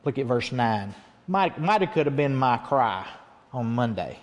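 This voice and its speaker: A man's voice: medium pitch, big pitch swings, measured pace, long reverb tail. A man preaching a sermon as pastor, speaking earnestly and acting out his own prayers in the telling.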